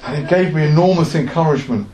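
Earnest male preacher, sermon delivery, slightly high pitch, echoey room. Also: quick pace, warm tone. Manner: earnest, with rhetorical questions.

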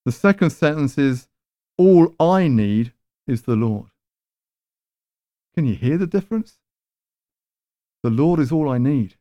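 A man's voice: fairly high pitch, dark tone, no room sound, muffled recording. A man preaching a sermon in a conversational, emphatic way, with rhetorical questions.

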